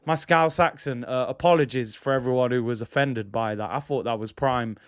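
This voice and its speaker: A man's voice: mid-range voice, normal speed, smooth, no echo, clean studio sound. A man hosting a casual football fan livestream, chatty and slangy. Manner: chatty, slangy, laughs at own jokes. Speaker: football channel host.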